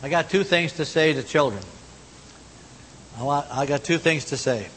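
A man preaching a sermon in a folksy manner, moving between loud exhortation and hushed, low tones. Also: normal speed. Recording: long hall reverb, faint rumble.

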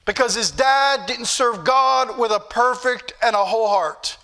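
High bright-voiced preacher man. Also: a little slow. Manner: preachy, repetitive emphasis. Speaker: pastor. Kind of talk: sermon.

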